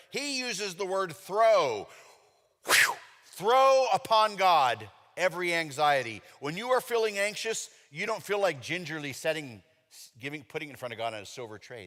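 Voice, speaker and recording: A middle-aged male pastor preaching a sermon in a chatty storytelling way, with sudden animated outbursts. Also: fairly high pitch, moderate pace. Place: church sanctuary. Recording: long reverb of a church hall.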